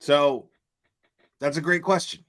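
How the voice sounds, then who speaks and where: A man's voice: fairly high pitch, fairly even intonation, slow pace, a bit bright. A man hosting reaction commentary, blunt and profane, hammering his points over and over. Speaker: commentary channel host.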